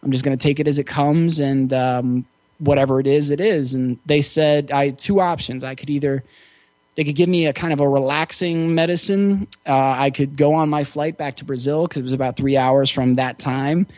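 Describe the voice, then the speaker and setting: A man as an interview guest, telling a personal story in a relaxed, reflective way with frequent fillers. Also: fairly high pitch, moderate pace, no room sound. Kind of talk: casual storytelling.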